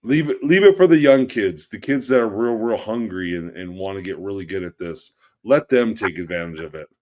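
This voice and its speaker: A man co-hosting a podcast in casual chat who runs a wrestling school, measured and often checking in with his partner. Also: lowish voice, expressive, darkish tone.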